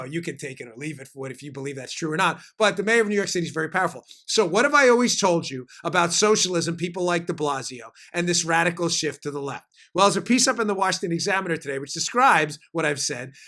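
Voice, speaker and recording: A man hosting a political commentary podcast, talking in an animated, emphatic way with frequent fillers. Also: fairly high pitch, fast, hardly any pauses. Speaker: podcast host.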